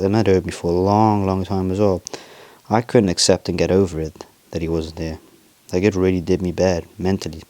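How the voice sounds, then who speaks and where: A young man hosting his own podcast, talking in a rambling, confessional way with lots of swearing and halting restarts. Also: low-pitched, darkish tone, no echo. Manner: confessional, emotional. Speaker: podcast host. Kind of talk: casual personal monologue.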